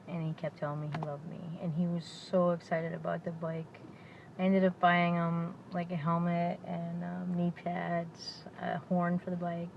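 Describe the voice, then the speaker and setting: A woman's voice: on the low side, monotone, moderate pace, creaky. A woman talking in a personal video diary, speaking in a heartfelt way as she fights back tears. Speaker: vlogger. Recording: dull lo-fi audio with loud vehicle noise.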